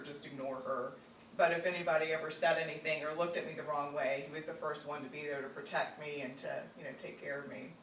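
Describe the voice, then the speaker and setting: A woman from Virginia telling a personal family story, halting with many fillers and restarts. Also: low voice, a bit bright. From Virginia, United States. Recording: roomy echo, distant mic, faint noise.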